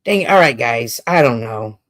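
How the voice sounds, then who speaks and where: A woman hosting a casual livestream monologue, talking in an expressive, animated way and laughing often. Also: moderate pace. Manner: animated, expressive, laughs often, mimics others in high voices. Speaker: livestream host.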